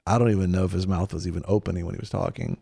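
A man's voice: low voice, rapid-fire, gravelly, slightly rough, no room sound, studio quality. A man with a Southern American accent hosting a faith talk show, chatting casually and acting out the quotes in his stories. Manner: animated storyteller, acts out quotes. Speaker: radio show host.

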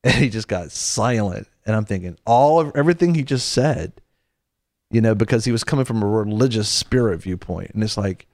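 Low-voiced man preaching in easy conversation. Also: expressive, fairly quick, a little mellow, dry recording, clean studio sound. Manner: earnest, repeats phrases, leads a prayer; tells stories and quotes scripture. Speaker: Christian show host.

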